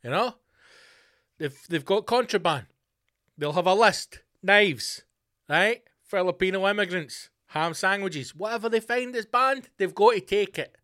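A man's voice: high voice, lively intonation, measured pace, pushed and bright. A Scottish man hosting a podcast, ranting casually with heavy swearing and mocking voices for people he quotes. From Scotland. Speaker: podcast host.

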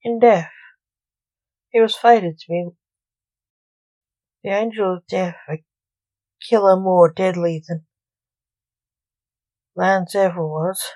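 A woman reading her own short story aloud as the host of a story podcast, slow and deliberate. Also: on the low side, steady tone, warm tone, no room sound, low-quality recording.

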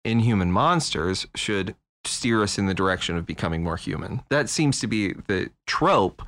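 A man's voice: fairly low pitch, expressive, moderate pace, a bit bright. A man co-hosting a casual talk show who thinks aloud and keeps saying "like" and "right?". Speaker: podcast co-host. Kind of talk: casual chat.

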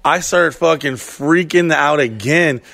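A man co-hosting a podcast, telling stories in a casual, animated, heavily profane way and acting out what people said. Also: fairly high pitch, measured pace, gravelly, no room sound. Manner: profane, animated storytelling with acted-out quotes. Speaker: podcast co-host. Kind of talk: casual storytelling chat.

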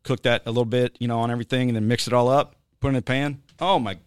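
A man's voice: mid-range voice, steady tone, racing, smooth, dry recording, clean studio sound. Rambling, joking man on a podcast. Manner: rambling, joking, many fillers. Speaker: podcast host. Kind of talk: casual chat.

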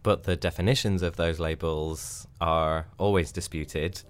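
A man's voice: low-pitched, steady tone, a little slow. A male podcast host giving wry, conversational scripted narration. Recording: narration over music.

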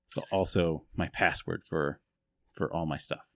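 A man's voice: sits low, steady tone, a little slow, creaky, a bit bright, no room sound, clean studio sound. A man hosting a podcast in casual chat, joking, self-mocking and rambling. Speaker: podcast host.

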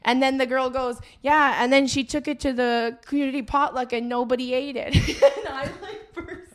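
A woman's voice: high voice, moderate pace. A woman comedian co-hosting a casual comedy podcast, telling stories in a giggly, rambling way.

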